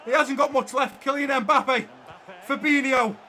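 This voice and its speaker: A man playing a football video game and commentating on it for his viewers, excitable and quick to shout at the play. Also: extremely high pitch, slight background noise. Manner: talks to viewers as guys and lads. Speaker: gaming YouTuber.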